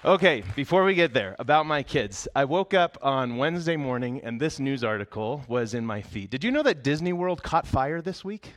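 A man giving a sermon as pastor, speaking conversationally and telling stories with humor and lively bursts. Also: medium pitch, normal speed, hardly any pauses. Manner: conversational, animated storytelling with humor.

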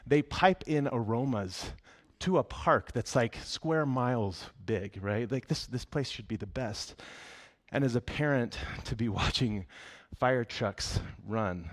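Brief: male pastor, mid-pitched, casual storytelling sermon with humor. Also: takes it slowly. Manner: conversational, animated storytelling with humor.

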